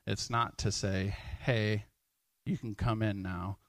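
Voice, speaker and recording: A man's voice: fairly low pitch, steady tone, slow pace, no room sound. A man preaching a sermon in church, speaking earnestly in a conversational way and often quoting prayers aloud.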